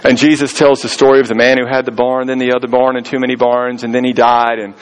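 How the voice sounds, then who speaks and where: A man's voice: mid-range voice, level tone, fast talker, poor audio. A man preaching a sermon in a conversational storytelling way, acting out the voices of people he quotes. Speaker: pastor.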